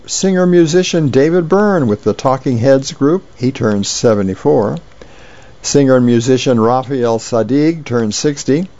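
A man reading newspaper advice letters and comics aloud in a plain, unhurried way, stumbling now and then. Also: mid-range voice, darkish tone, muffled recording. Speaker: reader of newspaper features.

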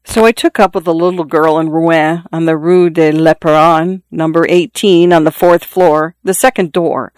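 A dying father in his forties, pressing his grown son with urgent, repeated instructions, as a reader acts him out. The voice is smooth and resonant, heard dry and close to the mic. An audiobook reading with a plain, everyday delivery. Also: medium pitch, steady tone, normal speed, few pauses, no echo, lightly acted. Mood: confiding. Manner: confiding, insistent, repeating himself. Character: dying middle-aged father, earnest and pleading.

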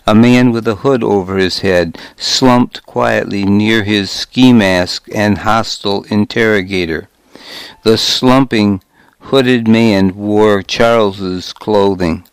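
A man narrating a first-person story in a measured, wry audiobook reading on a close microphone. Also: fairly low pitch, clean tone, dry recording.

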